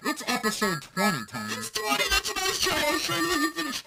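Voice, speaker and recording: A man's voice: very high voice, very animated, fairly quick, hardly any pauses, loud music behind the voice, rough recording. A man co-hosting a casual beer podcast, joking and running himself down. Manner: jokey, self-deprecating banter. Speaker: podcast co-host.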